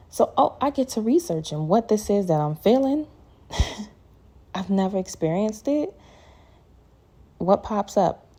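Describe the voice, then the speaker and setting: A woman's voice: lowish voice, gravelly, mellow. A woman giving an earnest personal faith testimony to her viewers, emphatic and repeating her phrases. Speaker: christian content creator.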